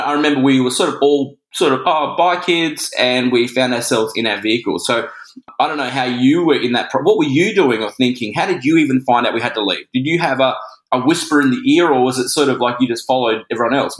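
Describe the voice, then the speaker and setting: A man's voice: medium pitch, fast talker. A man, a radio presenter telling a heartfelt story in an earnest way and acting out quotes. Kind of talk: conversational podcast reminiscing. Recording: roomy echoing sound.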